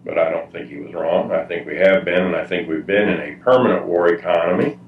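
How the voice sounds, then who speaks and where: A man speaking as a guest at a public talk, answering at length in a halting way with many fillers and restarts. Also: low voice, slight background noise. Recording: distant muffled roomy mic.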